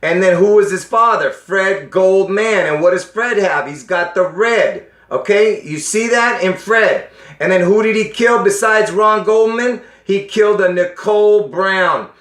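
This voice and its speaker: In an echoey room, a man with a high-pitched, fairly bright voice talks casually to his viewers at a measured pace. He's insistent, often asking whether they understand, and his voice is strained, with coughing.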